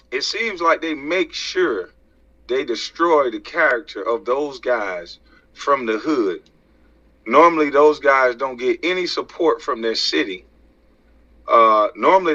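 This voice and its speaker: In dull lo-fi sound, an American social media commentator with a medium-pitched, pushed, bright voice rants heatedly to camera. He preaches, swears, and fires off rhetorical questions.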